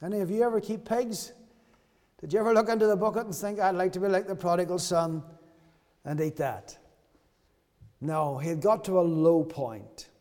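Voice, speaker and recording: Guy with a high voice preaching, says the key lines over and over, long echo like a big hall. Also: darkish tone. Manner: earnest, repeats key phrases for emphasis. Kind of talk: sermon.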